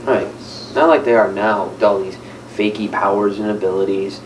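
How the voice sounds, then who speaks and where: A man's voice: lowish voice, steady tone, normal speed, a little hiss or hum, close to an everyday voice. An actor playing an eager, talkative young male gamer, recorded in an echoey room from a distance. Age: young adult. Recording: echoey room, far mic.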